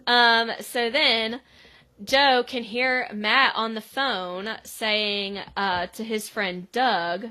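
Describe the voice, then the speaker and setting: Bright-voiced woman podcast co-host. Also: on the high side, steady tone, drawn-out words. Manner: chatty, acts out quotes. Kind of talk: casual episode recap.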